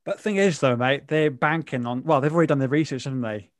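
A man with an average pitch calmly argues the other side in a casual podcast debate. His voice sounds dry and close to the mic. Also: quick pace, no echo. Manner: calm, plays devil's advocate. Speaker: podcast co-host.

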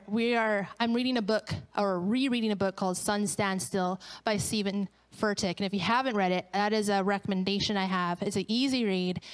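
A woman's voice: mid-range voice, clear, resonant tone. A woman pastor giving a sermon, telling stories animatedly and acting out the voices of the people in them. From Canada.

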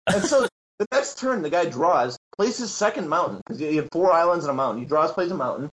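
On a low-quality recording, a man with a somewhat high voice talks briskly as a podcast guest. This Magic tournament player narrates a story with energy, voicing other people's lines and laughing a lot.

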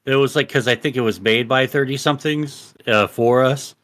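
A man's voice: medium pitch, normal speed, a bit bright, dry recording, clean studio sound. A man in his thirties, a podcast co-host, chatting casually and ranting with lots of swearing. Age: 30s. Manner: profane, emphatic rants. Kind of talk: casual chat.

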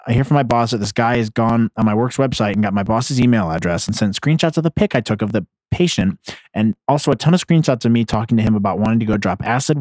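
A man's voice: fairly low pitch, a little mellow, dry recording, studio quality. A man hosting a casual comedy podcast, reacting to online posts with blunt, sarcastic, profane commentary. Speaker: podcast host. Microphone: headphones on, close mic.

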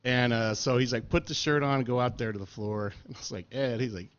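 A man telling stories in casual chat, animated and laughing, acting out what others said and often saying dude and man. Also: mid-range voice, fairly quick, clear, resonant tone. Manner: animated storyteller, says dude and man a lot, laughs, acts out quotes. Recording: dull lo-fi sound.

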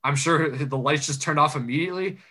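A man's voice: fairly high pitch, brisk, bright, forceful tone. A young man co-hosting a casual sports chat, joking and sarcastic, laughing often. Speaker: sports podcast co-host.

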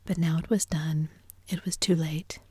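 Whispered role-play narrator, woman, low breathy whisper, close and dry. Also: moderate pace, no echo. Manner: soft, even storytelling.

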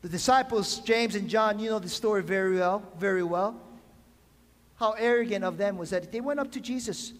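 High pitched guy preaching a sermon, throws questions at the crowd, echoey church sound. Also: normal speed, slight background noise. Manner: preaching with call-and-response questions. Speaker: pastor. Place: church sanctuary. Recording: long hall reverb.

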